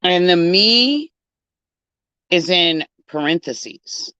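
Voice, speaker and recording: A woman co-host talks slowly and casually, her pitch swinging up and down. The sound is dry, with no room echo. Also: lively intonation, sharp tone, smooth, highs cut off. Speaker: podcast co-host. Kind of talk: casual chat.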